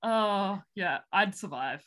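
A woman's voice: medium pitch, expressive, slow pace, fairly bright tone. A woman co-hosting a podcast who recaps a film in a chatty, rambling way with lots of fillers and giggles. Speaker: podcast co-host. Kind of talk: casual film recap chat.

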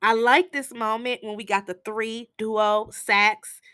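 A woman casually recapping a TV episode, telling it in an animated, slangy way. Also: on the high side, slow, clear, resonant tone, no room sound. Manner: animated storytelling with slangy asides.

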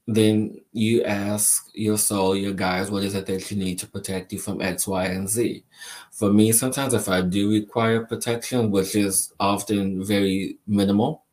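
Slow, very low-voiced spiritual host. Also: male voice, darkish tone. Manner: slow, deliberate, repeats phrases for emphasis; affectionate, addresses listeners as my dear and my friend. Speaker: spiritual show host answering viewers. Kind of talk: live-stream chat reading viewer questions.

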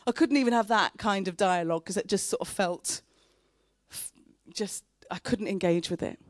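A woman, preaching a sermon in an earnest, heartfelt way and pausing between phrases. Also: mid-range voice, dry recording, studio quality. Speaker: pastor. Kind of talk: sermon with personal story.

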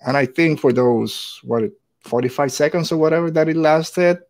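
A man's voice: on the high side, normal speed, a little mellow. A man in a casual podcast chat, talking in a rambling way full of hedges.

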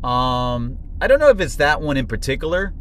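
A man hosting a casual podcast chat, blunt and quick to swear. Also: medium pitch, sing-song, fairly bright tone. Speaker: podcast host.

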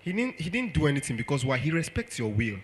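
A man's voice: on the high side, big pitch swings, quick pace, a little hiss or hum. A man with a Nigerian accent preaching a sermon, firing off rhetorical questions and acting out quotes.

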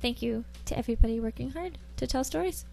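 A woman's voice: fairly high pitch, quick pace, gravelly, warm tone, a little hiss or hum. A woman co-hosting a podcast in casual, upbeat, agreeable chat. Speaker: podcast co-host.

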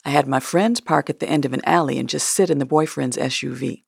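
Woman storyteller, gravelly and breathy, blunt and matter-of-fact. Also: very deep voice, brisk, no room sound, studio quality. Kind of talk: personal storytelling.

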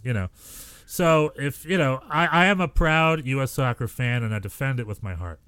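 Podcast co-host, American man, mid-pitched, lively storyteller who acts out quotes, dry close recording. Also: normal speed, clean tone, dry recording. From United States. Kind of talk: casual chat.

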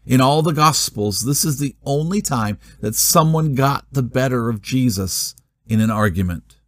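A man preaching a sermon, expressive, with rhetorical questions and dramatic pauses. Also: mid-range voice, dry recording, studio quality. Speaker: pastor.

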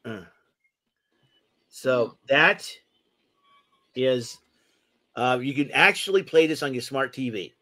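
A man's voice: medium pitch, lively intonation, slow pace, pauses often, bright, forceful tone. A man co-hosting a podcast, chatting casually and rambling with plenty of fillers as he shows off a gadget. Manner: rambling, enthusiastic show-and-tell with many fillers. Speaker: podcast co-host. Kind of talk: casual chat.

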